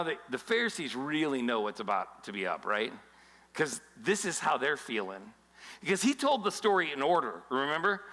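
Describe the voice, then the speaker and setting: A man preaching a casual, joking sermon as pastor, telling stories with quick voices for the people he quotes. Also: fairly high pitch, pushed and bright, big-room sound, poor audio. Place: church auditorium.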